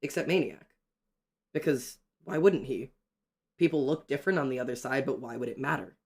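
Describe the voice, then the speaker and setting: A young man chatting excitedly on a livestream while drawing, ranting and greeting his chat. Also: medium pitch, fairly quick.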